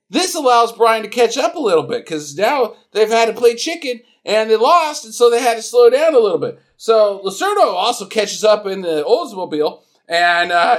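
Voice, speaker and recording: A man co-hosting a casual comedy podcast, retelling a film's plot with loud sound effects and put-on voices. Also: sits high. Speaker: podcast co-host. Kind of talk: casual comedic movie recap.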